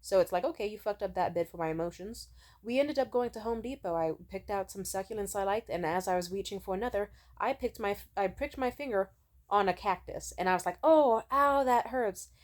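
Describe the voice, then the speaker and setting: A woman's voice: mid-range voice, fast talker, a little mellow. A young woman vlogger telling stories to camera in a chatty, casual way, swearing freely and filling her talk with "like". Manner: chatty, swears freely, mimics people in quotes; many filler "like"s and restarts.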